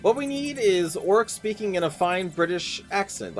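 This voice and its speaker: A man's voice: sits high, animated, normal speed, few pauses, soft background music. A young man casually commenting while streaming a game, joking playfully as he goes. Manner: playful, jokey asides.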